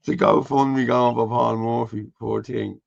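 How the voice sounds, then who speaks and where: Gravelly Irish man, blunt and scornful. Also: mid-range voice, steady tone, measured pace, no echo. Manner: blunt, scornful, swears freely. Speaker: host. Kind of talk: casual live-stream chat. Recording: dull lo-fi stream audio.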